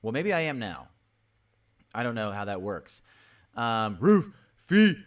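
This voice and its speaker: A crypto livestream host with a lowish, sing-song voice cheerfully runs a casual stream at normal speed. He's upbeat, repeats greetings again and again, and shouts out viewers by name.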